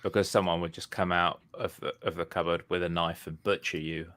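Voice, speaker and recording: Low-voiced man, dry sardonic wit. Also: steady tone, brisk, a bit bright, no echo. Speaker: podcast co-host. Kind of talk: casual chat.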